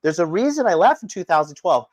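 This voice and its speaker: Fast and high-voiced with big pitch swings, this man runs a livestream as a dating coach, ranting bluntly and profanely as he reads the chat. He's indoors in Japan, and there's no echo.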